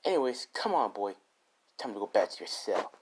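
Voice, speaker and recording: A rough henchwoman who barks orders bluntly and insults her prisoner, as a man puts her on. Quick, coarse, and dismissive. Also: on the low side, very animated. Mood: rude.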